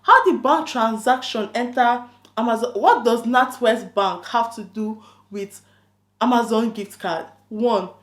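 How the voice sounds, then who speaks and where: A woman YouTuber telling a story in casual vlog chat, animated and incredulous, with bursts of emphasis. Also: a little high, measured pace.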